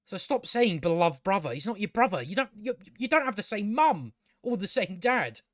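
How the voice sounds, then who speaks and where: A man's voice: sits high, big pitch swings, normal speed, no room sound, studio quality. A man giving a rambling, exasperated and profane casual review of a TV show as host of his own channel. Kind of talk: casual spoken review commentary.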